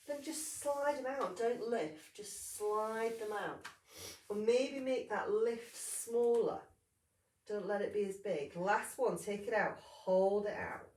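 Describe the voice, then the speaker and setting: A woman leading a Pilates class in calm, steady cues, a little sniffly with hay fever. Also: fairly high pitch. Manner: calm, steady cueing with brief apologies for sniffles and yawns. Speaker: Pilates instructor. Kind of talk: guided exercise class instruction. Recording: roomy sound, mic at a distance.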